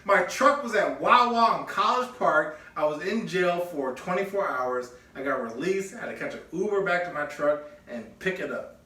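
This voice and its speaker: A man co-hosting a podcast in casual chat, telling a story with lively energy and acting out both sides of a conversation. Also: a little high, moderate pace. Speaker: podcast co-host. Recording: echoey room, mic at a distance.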